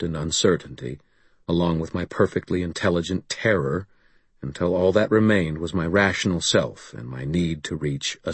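A man reading first-person fantasy audiobook narration in a measured, deliberate storytelling manner. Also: low-pitched, breathy edge, dry recording.

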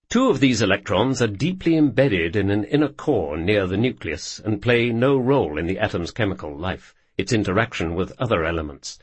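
A man narrating a nonfiction audiobook in a measured, wry storytelling manner. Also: fairly low pitch, slightly rough, no echo.

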